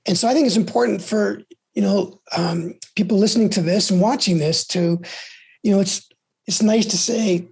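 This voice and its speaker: A man's voice: sits high, normal speed, gravelly, a little mellow, husky. A middle-aged man speaking as a podcast guest, telling his story candidly and emphatically, often restarting and repeating himself. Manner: emphatic, with frequent restarts and repetitions. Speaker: podcast guest, abuse-survivor advocate.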